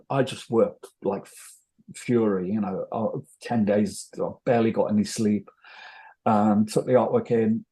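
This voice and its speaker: A man's voice: lowish voice, mellow. An older man with a North Welsh accent, telling rambling, self-deprecating stories as an interview guest. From North Wales. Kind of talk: casual interview storytelling.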